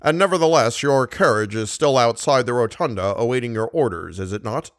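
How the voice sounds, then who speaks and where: A male narrator voicing a self-satisfied police commissary who questions briskly. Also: medium pitch, lively intonation, no echo, clean studio sound, lightly acted. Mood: probing.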